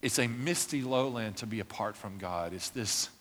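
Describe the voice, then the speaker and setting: A man preaching a sermon as a pastor, with impassioned prayer that builds toward shouting. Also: lowish voice, moderate pace. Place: church. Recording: long reverb of a church hall.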